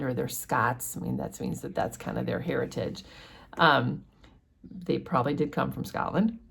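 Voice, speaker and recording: Low-voiced woman explaining a novel chapter. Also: normal speed, vocal fry, fairly bright tone, husky. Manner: chatty, explanatory, many fillers. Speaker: book study host. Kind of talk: casual book discussion.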